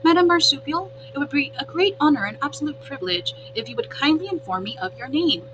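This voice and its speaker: A woman's voice: a little high, big pitch swings, fairly quick, lo-fi sound. A woman voicing a polite, earnest female robot in a storybook read-aloud, speaking in formal, stilted phrases. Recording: humming background noise.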